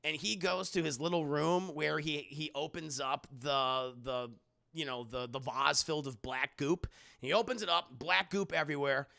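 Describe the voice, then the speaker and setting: Gravelly, bright-voiced male streamer. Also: a little high, normal speed. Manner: rambling and profane, many fillers. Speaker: streamer film reviewer. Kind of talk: casual spoiler review to live chat.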